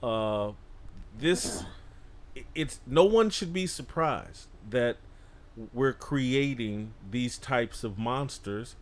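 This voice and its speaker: A man in his fifties, a guest commentator on a talk show, giving blunt, forceful opinions. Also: mid-range voice, expressive, takes it slowly.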